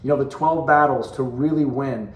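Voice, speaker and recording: A man's voice: medium pitch, normal speed. A man in his forties giving a motivational talk as a sales team leader, earnest and conversational, repeating phrases for emphasis. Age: 40s. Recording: roomy echo.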